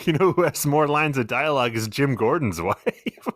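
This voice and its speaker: Jokey male podcast co-host, lively. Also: medium pitch, normal speed, no room sound. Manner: chatty, jokey, laughs often. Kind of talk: casual chat.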